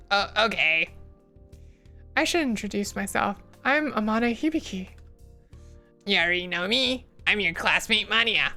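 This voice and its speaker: Earnest blunt teen hero, a woman reads him, secret magical powers, fairly high voice. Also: sharp tone. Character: determined teen boy turned magical girl.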